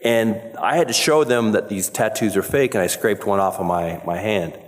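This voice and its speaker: Low-voiced man telling stories in a hall. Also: normal speed. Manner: rambling storyteller with fillers and laughs. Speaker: actor on a convention panel. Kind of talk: casual anecdote telling. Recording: echoey convention hall.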